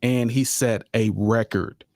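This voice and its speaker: Here a podcast host with a mid-range, darkish voice talks sports slowly and with fairly even intonation on a live show. Relaxed and chatty, he repeats phrases and often calls listeners y'all, recorded cleanly in a studio with no echo.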